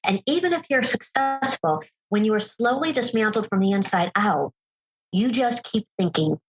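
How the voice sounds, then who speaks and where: A woman speaking as a podcast guest, telling a personal story in an earnest, emphatic way and slowing down on key phrases. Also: mid-range voice, animated, husky, lo-fi sound.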